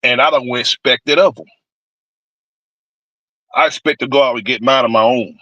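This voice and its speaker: A man's voice: medium pitch, moderate pace, sharp tone, no echo, highs cut off. A man on a live stream giving a blunt, rambling political rant, cursing freely. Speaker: stream panelist.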